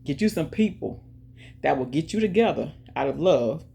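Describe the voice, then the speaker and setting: A woman hosting her own channel, chatting casually and directly to viewers, giving shout-outs and talking about faith. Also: sits low, lively intonation, normal speed, gravelly, breathy edge. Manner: chatty, talks straight to viewers with lots of "y'all". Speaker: YouTube channel host. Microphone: earphones in, music playing in her ear.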